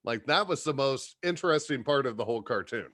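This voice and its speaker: A man's voice: mid-range voice, expressive, a little fast, a bit bright, no room sound, studio quality. A man appearing as a podcast guest, rambling through crude jokes and often laughing as he talks. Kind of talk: casual comedy podcast chat.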